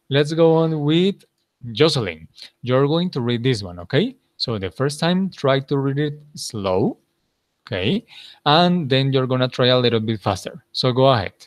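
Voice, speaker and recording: A man teaching English, running a pronunciation drill; he praises his students often and models words slowly for them to repeat. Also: medium pitch, no echo.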